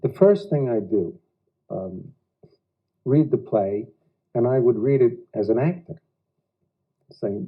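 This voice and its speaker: An American actor being interviewed at home, speaking reflectively in halting phrases with odd pauses. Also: male voice, medium pitch, lively intonation, husky. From United States. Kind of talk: casual interview talk. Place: living room of a private house. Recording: dull lo-fi 1990s home video.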